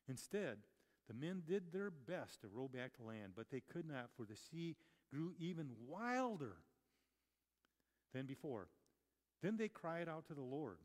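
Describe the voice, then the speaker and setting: A man's voice: on the high side, sing-song, measured pace. A man preaching a conversational sermon, chatty and full of rhetorical questions and self-corrections. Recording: long reverb of a large hall.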